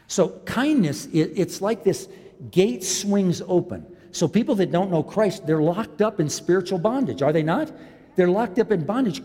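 A man in his fifties preaching a sermon as a pastor, swinging from loud, impassioned lines to quiet, low ones. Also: husky. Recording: long hall reverb.

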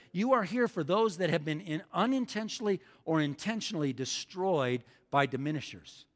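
A man preaching a sermon as pastor, emphatic, repeating lines for the congregation to say back. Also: a little high. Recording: long hall reverb.

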